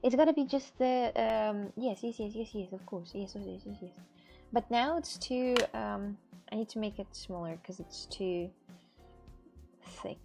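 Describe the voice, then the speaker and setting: A woman's voice: mid-range voice, measured pace, creaky, music in the background. A woman making clay crafts on a live stream, rambling and repeating herself as she talks to her viewers, with a lilt. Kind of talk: casual live-stream chat.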